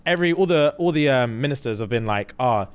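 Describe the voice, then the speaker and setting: A man tells a story on a casual podcast, his pitch swinging up and down as he acts out what people said. He leans on street slang and plays the quotes for effect. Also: a little fast, clean tone. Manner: animated retelling with slang and acted quotes. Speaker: podcast co-host.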